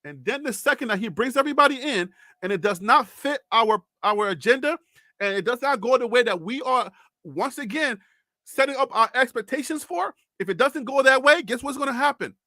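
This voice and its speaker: A man's voice: very high voice, expressive, brisk, sharp tone, no echo, studio quality. A man hosting a live sports talk show, speaking in an impassioned, pleading way and repeating himself. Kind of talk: live sports commentary monologue.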